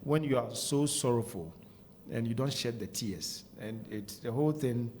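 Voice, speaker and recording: A Ghanaian man talking as a radio guest, earnest and measured, often checking in with "okay?". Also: medium pitch, darkish tone, a little hiss or hum. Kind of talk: candid radio talk. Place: radio studio.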